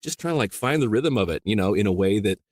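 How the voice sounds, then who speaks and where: A man from rural Iowa with a very low voice talks shop as an interview guest. He rambles easily, circling back with "you know" and restarting thoughts. The sound is close and dry. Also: lively intonation, quick pace, darkish tone, dry recording. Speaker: audiobook narrator, guest. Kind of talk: casual interview chat.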